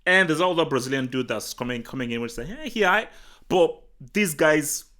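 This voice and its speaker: A man from Nigeria hosting a live football talk stream, chatting casually and answering the chat in an excitable, rambling way full of restarts. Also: mid-range voice, fairly quick. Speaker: football talk show host. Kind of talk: casual livestream commentary, reading the chat.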